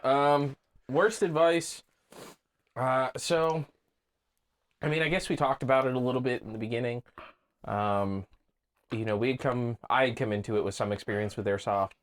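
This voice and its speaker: A man's voice: mid-range voice, fairly even intonation, moderate pace, long pauses. A man co-hosting a podcast, telling stories in an easygoing, rambling casual chat. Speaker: podcast co-host.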